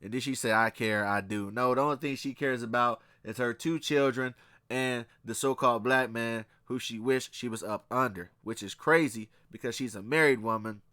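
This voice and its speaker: A man's voice: mid-range voice, fairly even intonation, moderate pace, bright, forceful tone, dry recording, studio quality. A man giving a blunt, profane film commentary in a casual way, mixing in readings from scripture. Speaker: movie reviewer.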